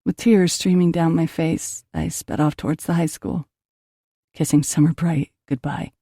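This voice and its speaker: A woman's voice: low-pitched, fairly even intonation, unhurried, warm tone, slightly rough, no echo, studio quality. A woman narrating an audiobook in an emotional first-person reading.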